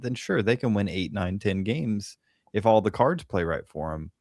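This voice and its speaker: Low male panelist, very lively delivery, dry sound, talks in loops. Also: moderate pace, no room sound. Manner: animated, rambling analysis with many "like"s. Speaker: podcast panelist. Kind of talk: casual roundtable chat.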